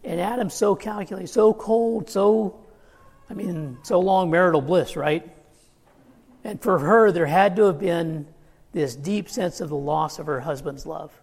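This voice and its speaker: A man's voice: high-pitched, creaky, darkish tone, long reverb tail. A man preaching a sermon, earnest and emphatic, quoting scripture as he goes.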